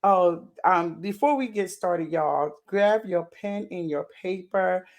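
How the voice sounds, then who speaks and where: A woman hosting a live stream, talking casually and excitedly, repeating her greetings and saying "y'all" to viewers. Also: fairly low pitch, takes it slowly. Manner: uses Southern US words like y'all. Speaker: livestream host and founder.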